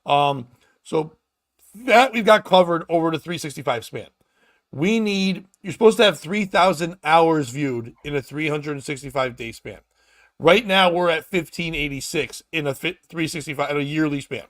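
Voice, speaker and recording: A loud, animated man hosting a comedy chat show. His voice sits high for a man, and he jokes crudely and breaks into sudden shouts. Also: normal speed, dry recording, clean studio sound. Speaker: podcast host.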